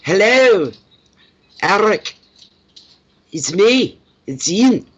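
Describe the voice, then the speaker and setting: A woman putting on the voice of a slow-talking, soft-hearted Scottish man, drawing each word out in a thick mock accent. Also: medium pitch, big pitch swings, husky, pitched above the performer's own voice, exaggerated voice. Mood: earnest. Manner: slow, heavy, drawn-out words.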